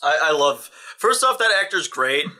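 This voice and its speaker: A young man co-hosting a film review, talking casually and animatedly, ranting and slipping into quick impressions. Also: fairly high pitch, very animated, pushed and bright. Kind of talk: casual chat.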